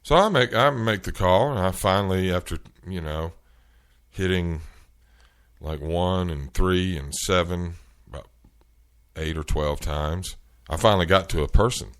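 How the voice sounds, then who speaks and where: Deep-voiced man telling an exasperated story. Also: unhurried. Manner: exasperated, animated, incredulous. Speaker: show host. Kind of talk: storytelling rant.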